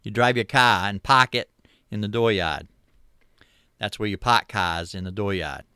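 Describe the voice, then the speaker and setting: A middle-aged man from Maine with a Maine accent, hosting a relaxed livestream chat with viewers, rambling easily with lots of fillers. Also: fairly low pitch, a little slow, clear, resonant tone, no room sound, clean studio sound. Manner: easygoing, rambling, many uh fillers, chuckles. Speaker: livestream host. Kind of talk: casual chat reading viewer comments.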